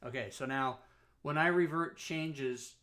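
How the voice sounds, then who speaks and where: A man's voice: on the high side, measured pace, bright, forceful tone. Rambling man hosting a live stream. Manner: rambling, self-correcting, chatty. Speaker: talk show host. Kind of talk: casual live-stream software walkthrough.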